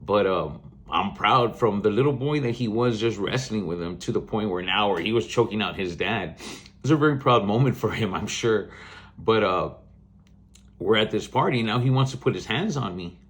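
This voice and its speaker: Hosting his podcast, a man in his forties from South Texas tells family stories in a casual monologue, his fairly low voice moving at a moderate pace with lively intonation. He's blunt and rambling, curses openly, and breaks into laughter mid-story.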